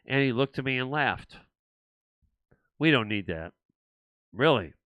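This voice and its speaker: A man's voice: medium pitch, lively intonation, unhurried, a bit bright, dry recording. An older man hosting his own show, rambling and frustrated, with many restarts and repeated words. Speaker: show host. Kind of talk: political talk show monologue.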